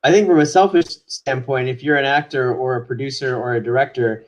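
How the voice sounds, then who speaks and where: A man from Wisconsin, telling stories as a guest on a video call, animated and quick to laugh. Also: medium pitch. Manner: animated, laughing, swears casually. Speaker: guest actor. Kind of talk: casual storytelling in an interview.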